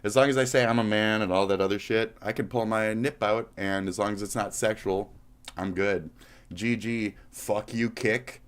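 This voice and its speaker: A man's voice: fairly low pitch, fairly even intonation, normal speed, smooth. A man from Minnesota, live-streaming and reacting to clips, talking in a blunt, profane way. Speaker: livestreamer.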